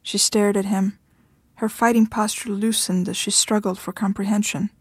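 A woman author reading her short fiction aloud in a measured storytelling manner. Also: medium pitch, level tone, husky, dry recording.

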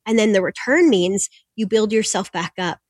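Mid-pitched woman coach guest, upbeat and instructive, in a dry, dead-sounding room. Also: moderate pace, no echo. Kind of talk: explaining techniques in an interview.

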